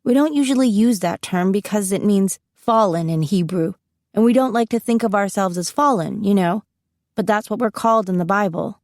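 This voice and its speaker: A woman's voice: mid-range voice, normal speed, a little mellow, dry recording. A woman narrating a first-person audiobook in an intimate, confiding manner, close to the mic.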